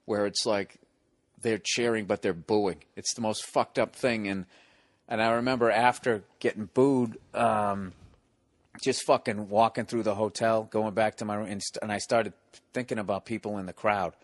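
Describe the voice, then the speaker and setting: A man's voice: fairly low pitch, normal speed, dry recording. Profane storytelling man, dry sound. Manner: profane, animated, acts out voices in stories. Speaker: podcast host. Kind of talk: casual chat, storytelling.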